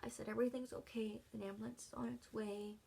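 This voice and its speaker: A woman vlogger telling her own story unscripted, halting and emotional, often dropping to a soft breathy voice between pauses. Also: fairly high pitch, flat delivery.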